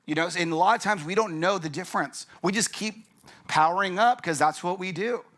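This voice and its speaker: Male pastor, casual joking sermon delivery, somewhat high and forceful. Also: fairly quick. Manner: joking and conversational, acts out characters' lines.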